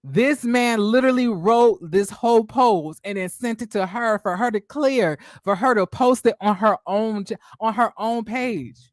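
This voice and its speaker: A man hosting a celebrity gossip commentary, animated and profane, breaking into stammering restarts. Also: high-pitched, measured pace, hardly any pauses, no echo, clean studio sound.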